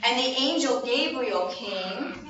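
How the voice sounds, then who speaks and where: A woman leading a children's message in church, telling a story in an animated way and asking the children questions. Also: a little high, slow pace, background noise. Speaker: children's sermon leader. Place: church sanctuary. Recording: roomy distant church sound, muffled.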